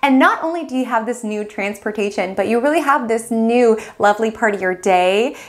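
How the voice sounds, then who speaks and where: A woman hosting a weekly astrology forecast, telling a scenario in second person with lively, expressive delivery. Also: fairly high pitch, fairly quick. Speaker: astrology host.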